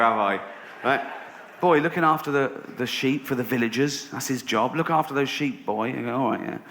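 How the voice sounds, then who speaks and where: An English man performing a stand-up comedy routine on a theatre stage, telling stories deadpan and then ranting in disbelief. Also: medium pitch. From England. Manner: storytelling, deadpan then rising to incredulous rants. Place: theatre stage with a laughing audience. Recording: noisy live venue recording.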